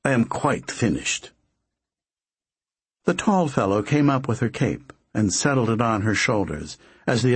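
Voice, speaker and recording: Breathy, slow male storyteller. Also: mid-range voice, dry recording. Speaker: audiobook narrator. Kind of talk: scripted story narration.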